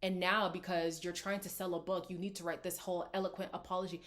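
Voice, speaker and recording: A woman hosting a casual reality TV reaction video, talking in an animated, sarcastic, exasperated way on a close mic. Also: fairly low pitch, fast.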